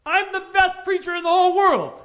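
A man voicing a bold male preacher who shouts loud, booming yells into a canyon, on a dull lo-fi recording. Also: very animated, moderate pace, heavily acted. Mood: indignant.

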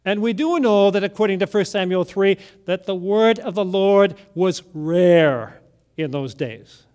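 Male pastor, sermon delivery, high voice, unhurried, dramatic loud-to-hushed swings. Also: lively intonation, clean tone. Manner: deliberate, with dramatic swings between loud emphasis and near-whispered lines.

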